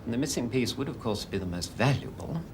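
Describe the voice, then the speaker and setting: An actor playing an indignant male jeweller in a TV police drama, speaking in a haughty, clipped, deliberate way. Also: mid-range voice, animated, background noise, natural voice. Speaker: jewellery shop owner.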